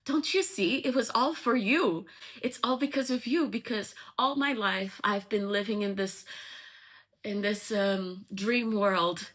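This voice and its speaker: A woman voicing a young, lovestruck actress who pleads in a high, breathless, impassioned way. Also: a bit bright, natural voice.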